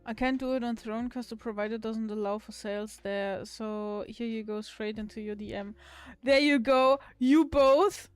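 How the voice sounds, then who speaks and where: A woman's voice: fairly high pitch, fairly even intonation, normal speed, clean tone, faint music behind. Giggly woman chatting with stream viewers. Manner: giggly, laughs often, swears casually. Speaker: livestreamer. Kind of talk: casual chat with viewers.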